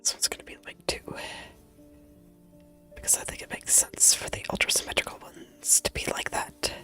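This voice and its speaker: A woman streamer who has lost her voice, chatting to herself in a soft, playful whisper while she draws, close to a very sensitive mic. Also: normal speed, soft background music. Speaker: streamer drawing digital art. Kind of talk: casual chat while drawing. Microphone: high-sensitivity desk mic, close.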